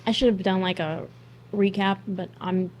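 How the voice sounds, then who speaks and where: A woman's voice: medium pitch, steady tone, normal speed, darkish tone, slight background noise. A woman hosting a casual movie reaction, blunt and snarky, swearing freely.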